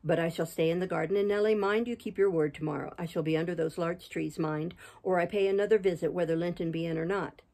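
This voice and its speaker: A woman's voice: on the low side, fairly even intonation, quick pace, vocal fry, hardly any pauses, darkish tone. A woman reading an anguished, passionate young man, voicing a fierce lover with intense, reproachful words. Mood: grim.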